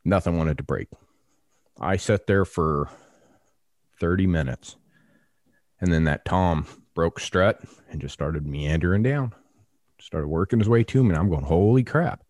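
Male podcast co-host, low voice, dry mic, animated storyteller who acts out the voices. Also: measured pace, pauses often, no echo. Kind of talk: casual storytelling.

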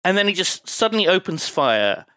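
A man's voice: sits high, sing-song, normal speed, pushed and bright, no echo. A man hosting a podcast, recapping a film scene in casual, sweary chat and acting out sound effects. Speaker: podcast host.

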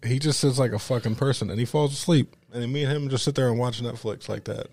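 A man's voice: medium pitch, fast, darkish tone, no room sound. A man in casual podcast chat, telling profane, exaggerated stories with laughter.

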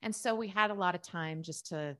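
A woman's voice: on the low side, brisk, fairly bright tone, clean tone. A middle-aged woman speaking candidly and tenderly in a personal conversation, sometimes laughing through sad memories. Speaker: guest.

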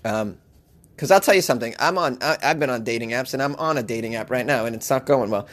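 A man hosting a comedy news show, reading odd headlines and riffing on them with sarcastic, animated rants and mock voices. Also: medium pitch, fast talker. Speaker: podcast host.

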